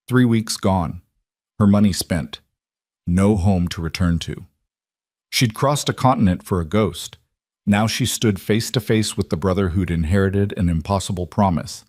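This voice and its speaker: Brief: low-pitched male narrator for a dry, close storybook read, steady and measured. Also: dry recording. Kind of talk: scripted audiobook narration.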